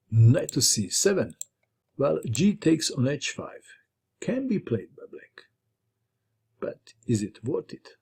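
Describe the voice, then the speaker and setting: Slow, gravelly man calling chess moves. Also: mid-range voice. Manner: lively, playful move-by-move commentary. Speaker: chess video host. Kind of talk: game commentary narration.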